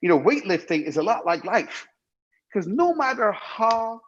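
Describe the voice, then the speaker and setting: A man's voice: sits high, very animated, measured pace, dull audio, slight background noise. A middle-aged man from Iran telling his life story emphatically in an interview, repeating himself and swearing freely. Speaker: guest.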